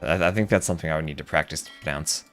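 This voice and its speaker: A man's voice: very deep voice, rapid-fire, fairly bright tone, faint music behind. A man casting a live strategy game match, calling plays and chatting with viewers between fights. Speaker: esports caster.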